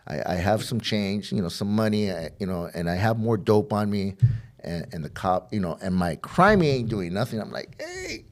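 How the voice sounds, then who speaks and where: A man's voice: lowish voice, lively intonation, moderate pace. A middle-aged man, a podcast guest, telling a personal story of addiction and recovery, rambling and repeating words as he acts out old conversations.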